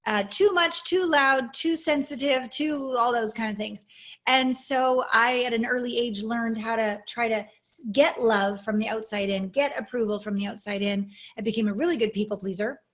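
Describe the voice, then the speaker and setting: A woman's voice: a little high, fairly even intonation, normal speed, a bit bright. Earnest woman coach sharing her story. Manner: earnest, reflective, openly emotional. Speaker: intimacy coach, guest. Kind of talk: interview storytelling.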